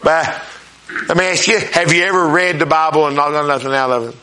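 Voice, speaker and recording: A male preacher with a high, bright, forceful voice delivers a sermon. He talks in a folksy, down-home way and keeps checking in with his listeners. He slows right down to read scripture with weight. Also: clear, resonant tone. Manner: folksy, questioning the congregation often; reads scripture slowly and emphatically.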